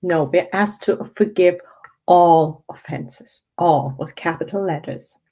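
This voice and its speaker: A woman's voice: on the low side, warm tone, slightly rough, rough recording. A woman hosting an online spiritual study group, reading passages and adding emphatic, reflective commentary. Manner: slow, emphatic, reflective delivery.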